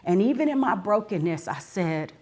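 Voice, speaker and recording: At a live book signing, a woman shares her personal testimony, speaking earnestly and directly to her audience and at times rising into fervent preaching. Her voice is mid-range, expressive and slightly mellow, moving at a moderate pace.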